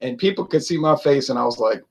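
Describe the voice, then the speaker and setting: A man's voice: medium pitch, expressive, fast talker, a little mellow. A man reviewing beer in a casual, chatty way, laughing often and reading out viewer comments to his live audience.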